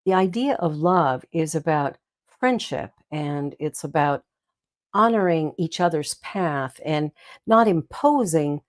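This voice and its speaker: A woman's voice: low voice, lively intonation, slow pace. An older woman, a minister hosting her own show, telling stories and giggling as she talks. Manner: warm storytelling with giggles and asides. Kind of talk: inspirational talk.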